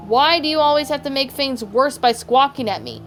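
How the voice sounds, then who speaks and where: Sarcastic slacker girl gem, woman voicing, slightly raised pitch, music faint under. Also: expressive, moderate pace, fairly bright tone. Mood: snappy. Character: sarcastic lazy young female gem.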